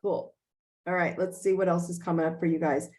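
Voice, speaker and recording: A woman's voice: lowish voice, flat delivery, fairly quick, darkish tone. A woman hosting a motivational coaching session and Q&A on a video call, speaking emphatically and checking in with "okay?". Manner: emphatic, repeats key phrases, frequent "okay?" check-ins. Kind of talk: motivational talk and Q&A.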